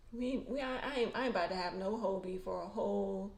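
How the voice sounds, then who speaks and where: A woman with a medium-pitched, darkish voice speaks briskly while hosting a casual livestream as a tarot reader and fan host. She chats emotionally and colloquially, restarting often, in an echoey room.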